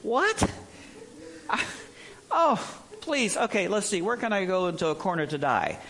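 A man's voice: high voice, very animated, unhurried, fairly bright tone, exaggerated voice. A man voicing a helpless, bewildered newborn lamb in a whiny, dithering way.

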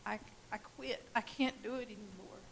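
A woman giving a personal testimony at a church service, telling her story in an animated way and laughing at times. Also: medium pitch, moderate pace, gravelly, poor audio. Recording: faint hiss.

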